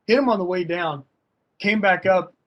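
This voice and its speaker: A man's voice: high voice, normal speed, muffled recording. A man talking casually and emphatically as a fencing coach in an online workshop, full of slang. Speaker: fencing coach and guest speaker.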